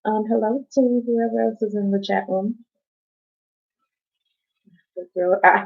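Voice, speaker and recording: A woman's voice: mid-range voice, steady tone, takes it slowly, vocal fry, long pauses, a little mellow. A woman hosting a casual live stream from home, rambling, chatting to viewers and swearing casually. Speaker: livestream host. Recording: dull lo-fi stream audio.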